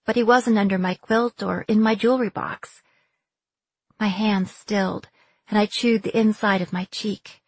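A woman reading a first-person fantasy novel aloud, with measured, clear storytelling in a dry, close recording. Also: mid-range voice, no echo. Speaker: audiobook narrator.

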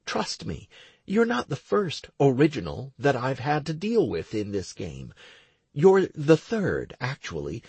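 A man reading an audiobook, voicing a tense, frustrated young woman who leads a raid party, in a raised, husky voice. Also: medium pitch, huge pitch swings, unhurried, darkish tone, dry recording, pitched above the performer's own voice, exaggerated voice. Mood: annoyed.

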